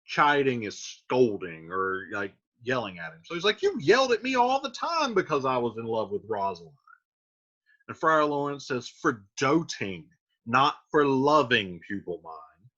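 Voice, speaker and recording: A man's voice: mid-range voice, huge pitch swings, normal speed, a bit bright. A male teacher explaining a play line by line, reading verse aloud and then paraphrasing it casually. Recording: dull lo-fi recording.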